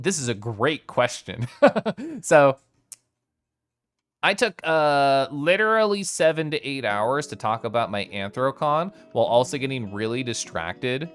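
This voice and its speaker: A man from Kansas, live-streaming in casual chat as he reads and answers his chat, playful and quick to laugh. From Kansas, United States. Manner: animated and playful, swings his pitch, laughs often.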